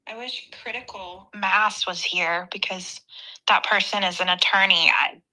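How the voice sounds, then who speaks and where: A woman's voice: medium pitch, steady tone, measured pace, bright, forceful tone, rough recording. A woman co-hosting a casual live stream chat, talking in an opinionated, chatty way that trails off.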